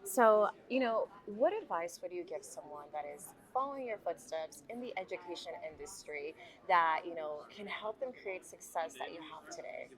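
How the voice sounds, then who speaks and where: A woman interviewing a guest at a conference, enthusiastic and quick to exclaim. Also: fairly low pitch, expressive, rough recording. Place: conference venue.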